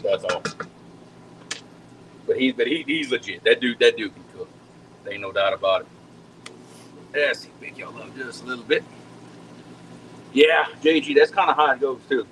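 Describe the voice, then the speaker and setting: A chatty man from talks viewers through his cooking in a relaxed, folksy way, often doubling back on his words. His voice sits at a middling pitch, with a faint hum of background noise. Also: moderate pace, long pauses, low-quality recording. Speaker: home cook hosting a live cooking stream. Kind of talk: casual cooking chat with viewers.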